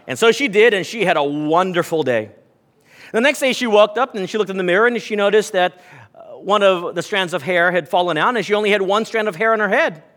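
In a large hall, a pastor preaches a sermon to his congregation with a high-pitched, fairly bright voice, speaking a little fast. He addresses them directly, tells stories, and reads scripture aloud.

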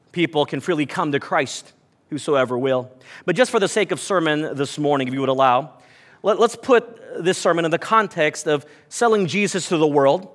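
High-voiced male pastor, reverberant hall. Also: fairly bright tone. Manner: storytelling, reads scripture aloud, addresses congregation. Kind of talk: sermon.

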